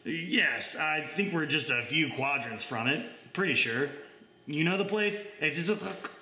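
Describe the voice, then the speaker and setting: Man doing easygoing alien traveler, casual chatter, bright tone, echoey room. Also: fairly high pitch, lively intonation, unhurried, full character voice. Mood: chatty. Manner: casual, chatty, mildly condescending. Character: breezy, polite, worldly space alien.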